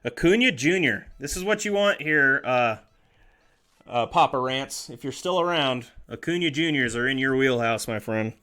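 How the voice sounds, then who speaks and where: A man's voice: medium pitch, expressive, moderate pace, sharp tone. Chatty man calling out cards on a stream. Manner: chatty, reads names aloud as he goes, jokes and corrects himself. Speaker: streamer opening trading card packs. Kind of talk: casual live-stream commentary.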